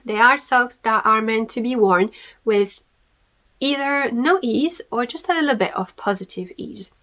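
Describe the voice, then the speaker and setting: A woman's voice: fairly high pitch, measured pace, fairly bright tone. A young woman hosting a knitting podcast, talking casually, her voice nasal and stuffy from a head cold, chatty with frequent ums and small laughs. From France. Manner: chatty and apologetic, laughs often, many ums. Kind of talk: casual solo podcast chat.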